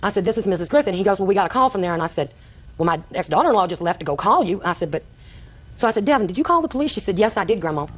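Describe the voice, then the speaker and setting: An older woman testifying in court, telling her story quickly and acting out the conversations she recounts. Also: on the low side, expressive. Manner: rapid, breathless storytelling, acting out quoted exchanges. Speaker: litigant.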